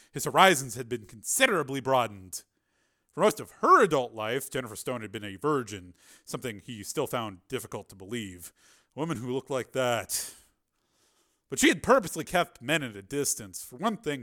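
A man narrating an audiobook in a measured, expressive storytelling voice. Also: mid-range voice. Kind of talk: scripted narration.

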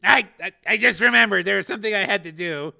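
A man's voice: high-pitched, big pitch swings, slow, vocal fry, sharp tone, pitched above the performer's own voice, heavily acted. A man voicing a nervous male engineer who stutters and stammers uneasily.

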